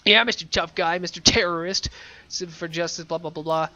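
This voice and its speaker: A man's voice: on the high side, steady tone, a little fast, bright, forceful tone, dull audio. A man voicing a sarcastic, suspicious male accuser in a retold video game scene, needling and mocking.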